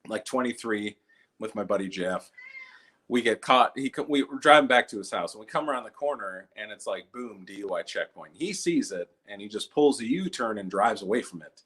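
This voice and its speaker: A man's voice: expressive, brisk, fairly bright tone, slightly rough. A young man from Minnesota doing an online stand-up set from home, loose storytelling that jumps into quoted voices. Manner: loose storytelling, acts out quoted people in jumpy high voices. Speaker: stand-up comedian.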